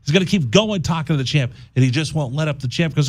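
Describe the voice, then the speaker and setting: Lively high-voiced male radio host. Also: fast talker, no room sound, studio quality. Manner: animated, jokey storyteller who slips into mock voices. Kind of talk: casual radio banter and storytelling. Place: college radio studio.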